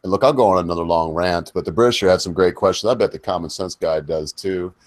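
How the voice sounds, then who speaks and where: A man's voice: sits low, fast talker, dry recording. A middle-aged man hosting a chat show, asking meandering questions and drifting into rants. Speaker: host. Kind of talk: casual chat.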